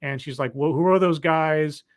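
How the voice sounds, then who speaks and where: A casual show reviewer talking through an episode on a live stream. The delivery is wry and sarcastic, full of asides and fillers, often stopping to fix what is on screen. Middle pitch. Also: moderate pace. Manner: rambling, with fillers and restarts while clicking through footage. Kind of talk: casual episode recap commentary.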